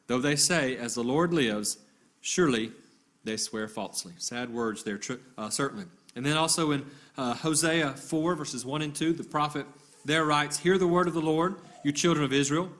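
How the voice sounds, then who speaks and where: A man with a somewhat high voice preaches a sermon. His teaching is measured and methodical, and he reads scripture passages aloud. Now and then he stops to restart a phrase. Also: fairly bright tone. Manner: occasional hesitant restarts.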